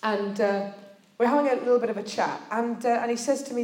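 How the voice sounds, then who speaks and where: A woman's voice: fairly high pitch, fairly quick, darkish tone, roomy sound. A woman giving a sermon to students, telling a personal story in a chatty, self-deprecating way with plenty of fillers. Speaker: speaker at a student church meeting.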